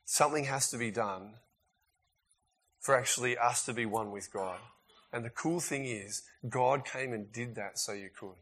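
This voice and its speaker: A man preaching a sermon in a casual, emphatic way, swinging between loud bursts and quiet asides. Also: mid-range voice, moderate pace.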